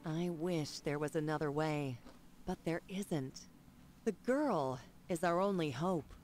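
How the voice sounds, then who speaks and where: A woman's voice: sits low, slow, darkish tone. An actress voicing a determined young woman investigator, speaking earnest scripted game lines. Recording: voice under clear background music.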